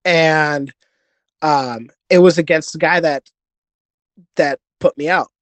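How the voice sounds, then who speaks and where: A man's voice: on the high side, slow, no room sound. A man telling stories in a casual podcast interview, earnest and rambling with many restarts. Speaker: podcast guest, jiu-jitsu competitor.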